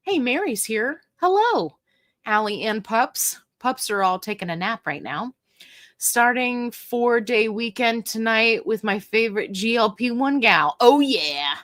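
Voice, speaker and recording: A woman's voice: on the high side, lively intonation, measured pace, fairly bright tone. Middle-aged lady chatting on a livestream, jokey, reading out comments. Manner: chatty, jokey, reads viewer comments aloud. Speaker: livestream host.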